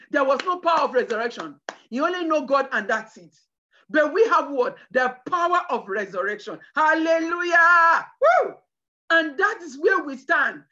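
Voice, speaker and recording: High, bright-voiced woman preaching a sermon. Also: dull audio. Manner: emphatic preaching with shouted bursts and cries of hallelujah. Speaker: preacher at a women's conference.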